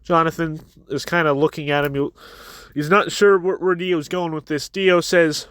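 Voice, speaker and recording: A man's voice: fairly high pitch, fairly even intonation, a bit bright, clear, resonant tone, no echo. A man casually recapping and reviewing a manga chapter, rambling a bit as he retells scenes. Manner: rambling, retells scenes with quick quoted voices.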